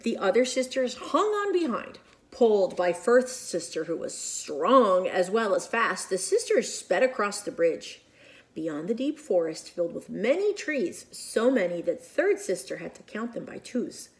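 Animated woman reading a picture book. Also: mid-range voice, measured pace. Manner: animated, expressive, with whispered asides. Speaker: children's storyteller. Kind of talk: children's picture-book read-aloud.

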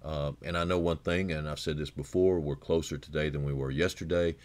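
A man's voice: steady tone, a little fast. A man preaching a radio sermon as a pastor, earnest and conversational, with frequent restarts and repeated words. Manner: earnest, repeats words and restarts, rises in pitch for emphasis then drops low and quiet.

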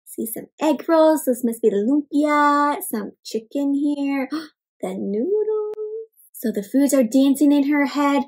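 High-voiced woman reading to children. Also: unhurried. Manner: animated, asks children questions, gasps. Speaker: children's storyteller. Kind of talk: interactive read-aloud for kids.

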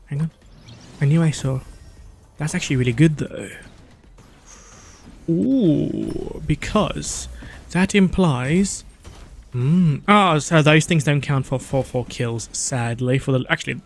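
A man giving casual gameplay commentary, excitable, talking to himself with gasps, restarts and sudden outbursts. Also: fairly high pitch. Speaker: gaming YouTuber.

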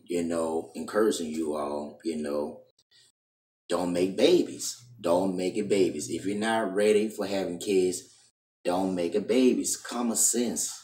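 A man's voice: low voice, darkish tone, recorded from a distance. A man lecturing straight into his camera in a scolding, insistent tone, tacking "man" onto the end of his lines. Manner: repetitive, keeps ending lines with "man". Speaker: video preacher. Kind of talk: preachy monologue to camera. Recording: echoey room, voice off-mic.

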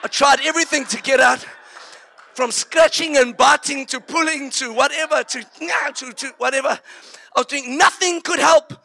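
A man preaching, telling a story in an animated way and acting it out. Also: very high voice, normal speed, vocal fry. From South Africa. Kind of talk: sermon storytelling.

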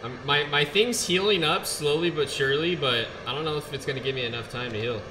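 A young man streaming a game live, excitable and trash-talking, shouting when he gets frustrated, on a gaming headset. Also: on the high side, a little fast, roomy sound, background noise.

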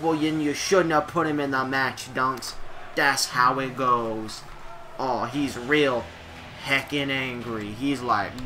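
A man giving playful, jokey play-by-play commentary on a wrestling video game, shouting at the big moments. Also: mid-range voice, slow pace, slight background noise.

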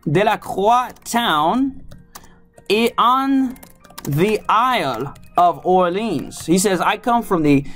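A language teacher giving a casual lesson, slowly repeating words and drilling pronouns. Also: mid-range voice, expressive, a bit bright, faint music behind. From Louisiana.

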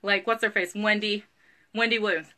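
A woman's voice: medium pitch, steady tone, moderate pace, sharp tone. A woman in her thirties hosting a casual live-stream sale, chatty and bubbly, greeting viewers by name.

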